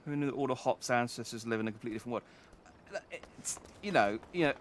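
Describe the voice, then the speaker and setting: A man's voice: medium pitch, animated, fast, slight background noise. A man streaming a game, tossing out rambling, wry, sardonic asides. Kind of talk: gaming stream commentary.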